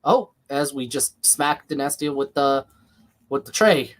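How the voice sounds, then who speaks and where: A man's voice: mid-range voice, unhurried. Chatty man with a slight lisp. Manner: chatty, jumps between reading chat and calling action. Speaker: livestream host. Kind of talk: live watch-along commentary.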